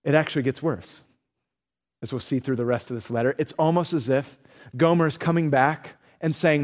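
A man preaching a sermon with earnest, animated storytelling. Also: a little high, normal speed, long reverb tail. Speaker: pastor.

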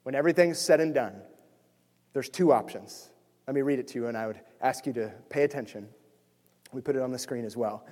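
A man pastor preaching a sermon with passion, swinging from near-yelling to quiet intensity. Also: medium pitch, a little fast, in a large hall. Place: church sanctuary.

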